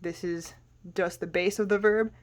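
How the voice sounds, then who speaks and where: A woman's voice: lowish voice, fairly even intonation, normal speed. A woman teaching a Spanish lesson, explaining patiently and spelling words out letter by letter.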